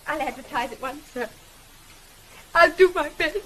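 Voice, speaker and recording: An earnest young governess. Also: female voice, high-pitched, unhurried, low-quality recording. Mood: tender. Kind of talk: 1950s television drama acting.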